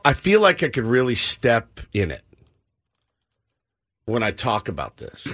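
A middle-aged man hosting a morning radio show, rambling and laughing in casual banter. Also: medium pitch. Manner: animated, rambling, quick to laugh.

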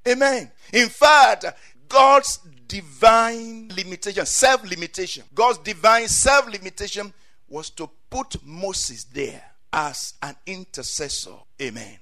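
Bright high-voiced male preacher. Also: lively intonation, slow. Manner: dramatic swings between quiet asides and loud cries, frequent amens. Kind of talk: sermon.

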